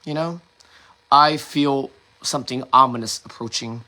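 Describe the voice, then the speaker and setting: Angry, bright-voiced man ranting. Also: mid-range voice, steady tone, unhurried. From United States. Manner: angry, profane ranting with restarts. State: emotional, sighing. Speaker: host. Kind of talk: emotional monologue.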